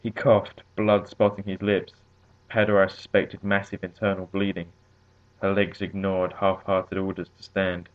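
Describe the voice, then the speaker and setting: Deep-voiced man reading a story. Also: monotone, a little slow. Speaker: narrator. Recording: tinny phone-like audio.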